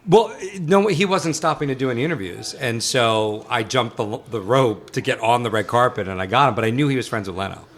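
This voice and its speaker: Give me a man, a director, chatting casually on set and telling lively anecdotes. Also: medium pitch. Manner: animated storyteller, quick to laugh. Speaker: film director, guest. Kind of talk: casual interview chat. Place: on a film set.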